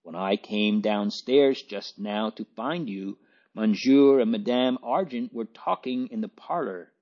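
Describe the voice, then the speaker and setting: A man reading an audiobook, voicing a gentle, anxious young woman who speaks in a startled way. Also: fairly low pitch. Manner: startled, quick. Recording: dull lo-fi recording.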